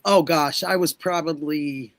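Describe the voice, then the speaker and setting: A woman co-hosting a casual chat, excitable, with halting restarts and exclamations. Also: low voice, no room sound. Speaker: podcast co-host.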